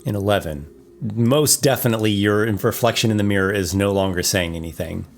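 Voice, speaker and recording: A man acting as game master, describing a dungeon room in a relaxed, descriptive way with frequent small restarts. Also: fairly low pitch, a little fast. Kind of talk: narrating a tabletop game.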